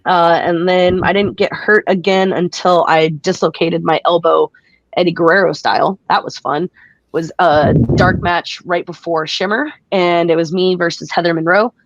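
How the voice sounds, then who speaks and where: A woman's voice: on the low side, fairly even intonation, normal speed, dry recording, highs cut off. A woman being interviewed about her wrestling career, telling stories casually with frequent laughs. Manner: chatty, laughs often, acts out quotes. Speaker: guest wrestler.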